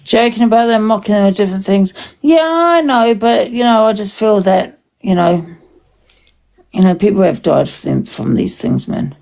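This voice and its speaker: A woman's voice: medium pitch, expressive, normal speed, vocal fry, a little mellow, low-quality recording. A woman hosting a casual livestream chat, rambling and swearing freely, with many restarts.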